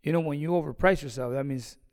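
A boxing trainer telling a story in an interview, animated and acting out the conversations he recalls. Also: fairly high pitch, fast talker, big-room sound.

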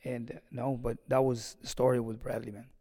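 A boxing trainer telling a story in an interview, animated and acting out the conversations he recalls. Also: medium pitch, fairly quick, gravelly, big-room sound.

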